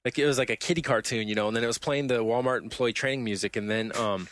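Dry, lively young man telling gaming stories. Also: medium pitch, fast talker, dry recording. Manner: animated storyteller, acts out quotes, swears. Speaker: podcast host. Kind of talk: casual gaming podcast chat. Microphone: headset.

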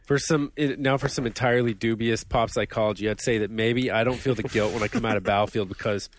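A man co-hosting a casual podcast chat, animated and laughing often, with colorful exaggeration. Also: lowish voice, quick pace, a little hiss or hum. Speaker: podcast co-host.

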